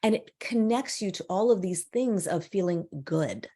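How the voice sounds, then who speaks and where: A woman's voice: mid-range voice, normal speed. A middle-aged woman guest on a podcast, telling stories with energy and acting out quoted dialogue. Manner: animated storyteller, acts out quoted dialogue. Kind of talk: casual podcast conversation.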